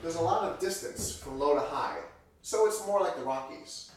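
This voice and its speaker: A music teacher gives a conversational piano lesson, often correcting himself and acting out example sentences to show phrasing. His voice is a little high at a moderate pace, recorded distant from the mic in a very echoey room.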